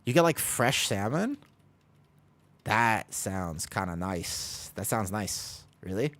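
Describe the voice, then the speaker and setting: A fairly low-pitched man talks casually to his viewers as he plays, drifting between game calls and self-deprecating jokes. His talk is loose and rambling, full of asides to chat. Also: sing-song, takes it slowly, a bit bright. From United States. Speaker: streamer. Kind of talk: casual gaming stream chat.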